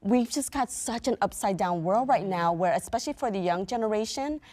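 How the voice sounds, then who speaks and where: A woman's voice: medium pitch, animated, fairly quick, a crowd in the background. A married woman making earnest, emphatic points in a panel discussion. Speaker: panel guest.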